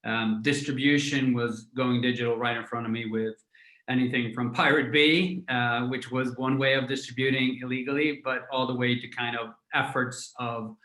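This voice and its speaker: A man in his forties, a guest entrepreneur giving a reflective conversational answer, pausing often with fillers and restarts. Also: medium pitch, fairly even intonation, bright, forceful tone. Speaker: guest, music tech entrepreneur. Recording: roomy echo.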